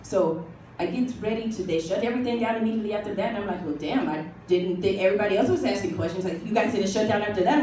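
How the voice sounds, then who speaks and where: A woman's voice: mid-range voice, a little mellow, a little hiss or hum, natural voice. A woman comic playing a glamorous older star in a live stand-up act, telling her story in a dry, mock-haughty way. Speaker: comic performing a historical figure. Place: small coffee bar, live show. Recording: roomy live room, mic from far.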